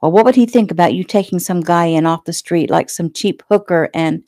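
A woman's voice: fairly low pitch, brisk, mellow, dry recording, studio quality, lightly acted. Woman reading as a sneering small-town man. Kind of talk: casual audiobook reading.

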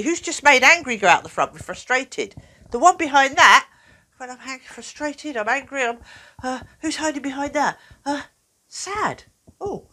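A woman talks to children in a bouncy, animated way, her pitch climbing and dipping all over the place. She sounds playful and encouraging, like a presenter explaining feelings to a class. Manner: animated, playful, acts out little voices. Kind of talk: talking to children in an educational video.

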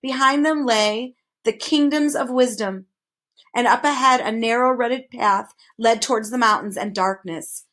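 A woman reading a chapter book aloud with expressive, even narration. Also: fairly high pitch, unhurried. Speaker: reader. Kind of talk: storybook read-aloud.

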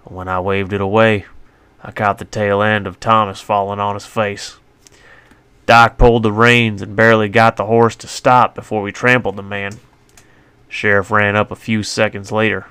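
A man's voice: fairly low pitch, little pitch movement, moderate pace, bright, forceful tone, clear, resonant tone, no room sound. A man narrating his own western story in a folksy, colloquial first-person voice on a close mic.

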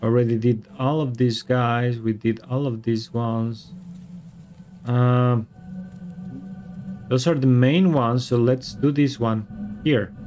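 A man streaming a game, excitable and swearing, yelling at the monster and switching between English and Spanish. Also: mid-range voice, slow, long pauses, faint music behind. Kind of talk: live gameplay commentary.

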